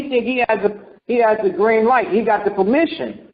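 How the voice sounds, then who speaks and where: Brief: male preacher, high register, teaching scripture conversationally with rhetorical questions, muffled recording. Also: a little fast. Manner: rhetorical questions, acts out voices. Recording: dull lo-fi recording.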